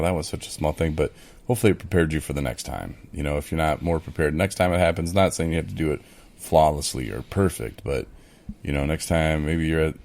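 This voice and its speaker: A man talks casually as a podcast co-host, his voice very low with a rough fry running through it. He rambles with plenty of "you know" and slips into voicing his own replies as he tells the story. The feel is easy, unscripted conversation. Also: a little mellow. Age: adult in recovery, speaking of early sobriety. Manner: conversational, with many fillers, acts out his own quoted replies. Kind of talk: casual chat.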